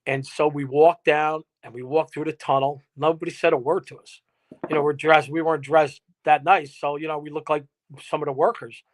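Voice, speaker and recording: A man's voice: fairly high pitch, level tone, a little fast, a little hiss or hum. A man, a musician guest telling a rambling, laughing anecdote with some salty language. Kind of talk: casual interview storytelling. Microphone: remote live-stream guest.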